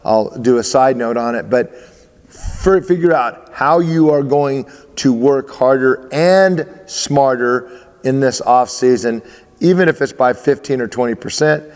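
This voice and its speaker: A male baseball coach speaking emphatically to his athletes, driving each point home by repeating it. His voice sits at an ordinary middle pitch. The room adds a long, lingering reverb. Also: a little slow, darkish tone, clean tone. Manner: emphatic, repeats phrases, restarts.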